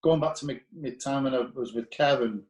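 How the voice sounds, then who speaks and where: A man of ordinary middle pitch, a former footballer, spins anecdotes in a blunt, profane manner. He acts out the dialogue of the people in his stories as he goes. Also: fairly quick, a little mellow, poor audio. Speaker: former footballer, podcast guest. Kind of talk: casual anecdotal storytelling.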